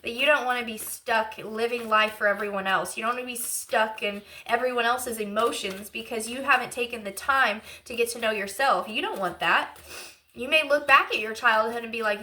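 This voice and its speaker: This is a woman giving a channeled tarot reading in a relaxed, rambling way. Her voice is bright and rather high. She talks with open emotion and piles in fillers as she works through what she is sensing. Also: moderate pace. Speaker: intuitive tarot reader.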